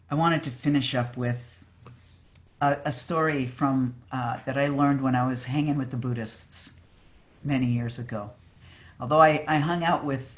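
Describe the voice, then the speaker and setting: A preacher giving a heartfelt Shabbat sermon over a video call, earnest and emphatic, sometimes pausing to search for words. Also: medium pitch. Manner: fervent, searching for words with fillers and restarts. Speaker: maggid, preacher.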